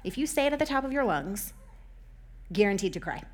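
A woman's voice: medium pitch, sing-song, brisk. A young adult woman talking casually as a host, chatty and full of "like" fillers, often laughing between points. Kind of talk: casual chat.

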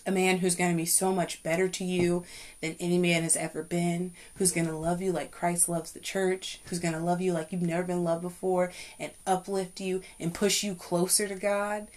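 Her pitch moves little and her pace is moderate as the young adult woman hosts a faith-based talk. She's emphatic and preachy, though her voice goes high and loud once she gets worked up.

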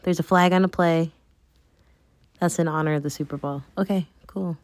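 A woman's voice: deep voice, steady tone, moderate pace, a little mellow, no room sound. A woman hosting her own show, chatting casually and rambling with plenty of fillers. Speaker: podcast host. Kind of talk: casual solo chat.

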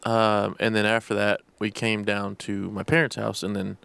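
A young man co-hosting a podcast in casual chat, easygoing and quick to react. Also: on the low side, little pitch movement, vocal fry, fairly bright tone, clean tone. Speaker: podcast co-host.

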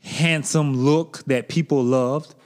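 A man co-hosting a podcast, chatting casually with animated, laughing emphasis. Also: mid-range voice, slow. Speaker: podcast co-host. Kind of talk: casual chat.

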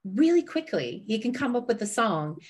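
A woman's voice: medium pitch, very animated, moderate pace, darkish tone, breathy edge. A young woman co-hosting a casual chat podcast, rambling and giggling, with lots of "like". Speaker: podcast co-host.

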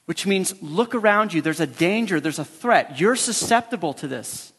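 A man's voice: high-pitched, animated, normal speed, fairly bright tone, slightly rough, long reverb tail. A male pastor preaching a sermon, emphatic and repeating his key phrases for weight.

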